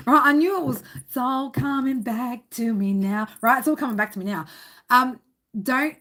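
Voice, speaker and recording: A woman's voice: on the high side, a little slow, fairly bright tone. A woman reading tarot on a live stream, chatting casually with viewers, rambling, swearing a lot and laughing often. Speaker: tarot reader.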